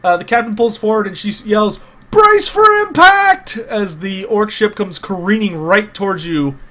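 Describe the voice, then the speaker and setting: A man's voice: high-pitched, normal speed. A man narrating a tabletop game as game master, explaining the rules patiently with many small hesitations.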